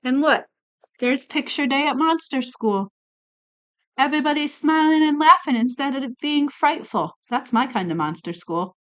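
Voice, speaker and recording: A woman reading a picture book aloud to a child, slowly and expressively, pausing to point out the pictures. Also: high-pitched. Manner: slow, expressive, doing voices and pointing out pictures.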